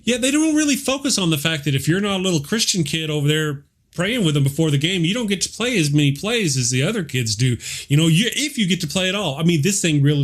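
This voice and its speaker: A man hosting a casual chat show with a fairly high, light voice. He talks in an animated, joking way and laughs often. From Texas. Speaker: show host.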